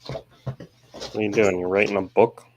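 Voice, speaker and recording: A man co-hosting a casual chat, low-key and easygoing, mostly giving short replies. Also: flat delivery, unhurried, highs cut off, slight background noise. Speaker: podcast co-host.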